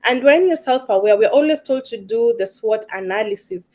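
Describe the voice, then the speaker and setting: Woman stress coach with an East African accent, fairly high voice, earnest, repeats words for emphasis. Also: animated, moderate pace, darkish tone. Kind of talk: casual discussion.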